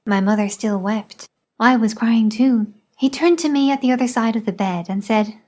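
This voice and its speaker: Measured woman reader for a memoir audiobook, even mid-range voice. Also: mid-range voice. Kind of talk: scripted narration.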